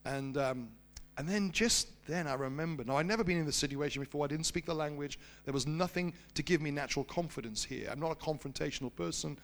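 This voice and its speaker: A man preaching, telling a personal story in an animated storytelling manner and slowing down for emphasis. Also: fairly high pitch, vocal fry. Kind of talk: sermon storytelling.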